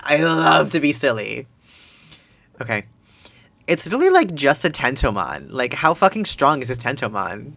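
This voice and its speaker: A chatty streamer rambling through casual gameplay commentary, with a bright, sharp timbre. The talk is loose and full of filler words. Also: medium pitch. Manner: chatty and rambling, heavy use of "like".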